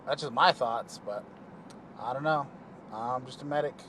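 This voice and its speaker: A man's voice: medium pitch, moderate pace, fairly bright tone, slight background noise. A man, a paramedic, talking loosely to camera from his car, trailing off often with fillers. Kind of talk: casual vlog monologue. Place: inside a car while driving.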